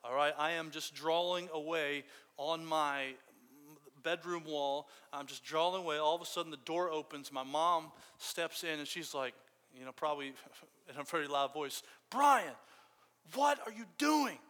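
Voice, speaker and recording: Bright-voiced man preaching in a hall. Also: fairly high pitch, moderate pace. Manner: casual storytelling preacher, animated quotes. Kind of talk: sermon. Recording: long hall reverb.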